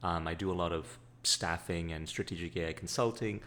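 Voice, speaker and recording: A man's voice: deep voice, steady tone, brisk, a bit bright, a little hiss or hum. A man from the Bay Area with a slight Sri Lankan-tinged accent, chatting as a guest in a casual interview, upbeat and full of fillers. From Bay Area, California. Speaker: guest, staffing consultant.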